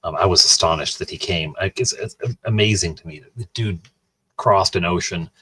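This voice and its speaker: Deep husky guy rambling on his stream, dry close sound. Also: moderate pace, pushed and bright. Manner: rambling, chatty, many restarts and asides to chat. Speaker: streamer and host. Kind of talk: casual chat while livestreaming.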